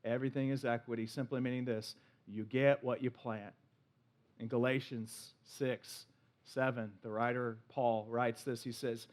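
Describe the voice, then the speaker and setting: A man preaching a sermon in an animated, playful way, acting out little voices as he goes. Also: fairly high pitch, normal speed. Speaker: pastor.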